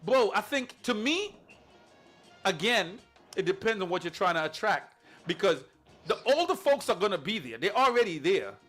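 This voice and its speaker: A man co-hosting a casual talk show, opinionated and animated, often beatboxing rhythms to make his point. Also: high voice, moderate pace, soft background music. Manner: animated, mimics rhythms with beatbox sounds, swears. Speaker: podcast co-host. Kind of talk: casual chat about sound clashes.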